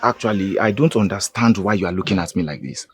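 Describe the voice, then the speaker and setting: A man's voice: sits low, fast talker, lightly acted. An actor with a Nigerian English accent playing a defensive young man who pleads his innocence to friends in a film scene. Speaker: accused friend. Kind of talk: Nollywood film acting. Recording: film audio with background music.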